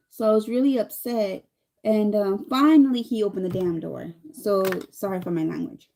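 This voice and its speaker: Woman in her 30s rambling thru a storytime while doing makeup, mellow warm voice, keeps quoting people. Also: medium pitch, a little fast. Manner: chatty, rambling, animated quoting. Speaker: vlogger.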